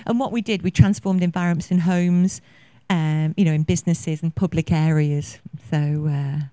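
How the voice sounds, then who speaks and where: A woman in her fifties delivers a conference talk in a deep, warm voice with fairly even intonation and a moderate pace. She rambles passionately and effusively, using many fillers, in a recording free of room sound.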